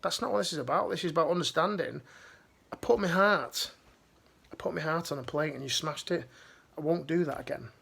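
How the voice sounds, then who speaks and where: Bloke, ex-squaddie vibe, life coach pushing you on, a bit high, gravelly voice. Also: male voice, a little fast, fairly bright tone. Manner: emphatic, direct, repeats key phrases. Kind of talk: motivational talk to camera.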